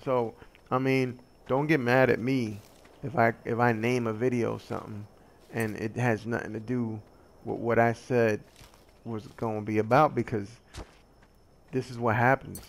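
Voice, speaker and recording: An unhurried man with a mid-range voice rambles casually while playing a survival game, easily sidetracked and making jokes at his own expense. He's excitable and lets out a yelp whenever something attacks him.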